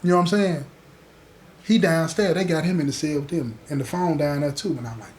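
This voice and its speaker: A man's voice: a little high, quick pace, echoey room, a little hiss or hum. A man hosting a show and telling a prison story in a casual, slangy way, acting out the dialogue. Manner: animated, slangy, acts out dialogue. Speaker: host.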